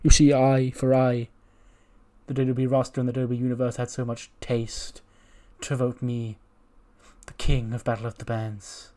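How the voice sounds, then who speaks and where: A man voicing a sad, theatrical male wrestler-singer who speaks in a grandiose, mock-Shakespearean way, slightly lower and softer than his own voice. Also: flat delivery, moderate pace, natural voice. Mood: mournful.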